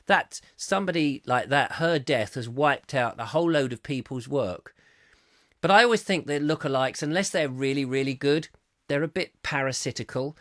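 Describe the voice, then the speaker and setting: A man's voice: medium pitch, expressive, fairly quick, fairly bright tone, no room sound, studio quality. A middle-aged man hosting a live chat show, telling rambling anecdotes with digressions and restarts. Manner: chatty, digressive, with many fillers and restarts. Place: home studio, live stream.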